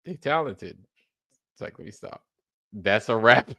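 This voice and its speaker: Male streamer, loose profane banter, animated delivery, dry close sound. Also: mid-range voice, measured pace, creaky, pauses often, no echo. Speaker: livestream host. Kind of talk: casual chat.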